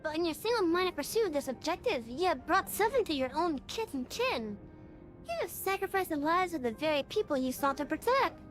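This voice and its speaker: A woman's voice: very high voice, fairly quick, heavily acted. Woman as an earnest young peace envoy. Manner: calm, earnest, persuasive. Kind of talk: video game cutscene acting. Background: faint music score.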